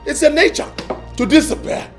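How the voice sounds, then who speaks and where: An actor with a Nigerian accent playing an arrogant, scheming young prince who mocks others and craves the throne. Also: male voice, very high-pitched, moderate pace, a bit bright, soft background music. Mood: dismissive. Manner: mocking, dismissive and theatrical. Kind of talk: Nollywood film acting.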